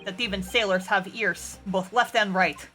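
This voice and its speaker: A woman voicing a gruff, hostile male sailor who speaks broken English and barks orders, over game music. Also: medium pitch, steady tone, moderate pace, close to an everyday voice.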